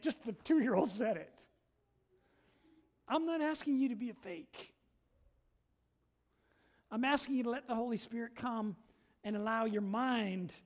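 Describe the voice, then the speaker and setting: A middle-aged male pastor preaching a sermon, earnest and emphatic, pushing some lines out loud and dropping others to near a murmur. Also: very high-pitched. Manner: earnest, emphatic, swings between loud stresses and quiet drops.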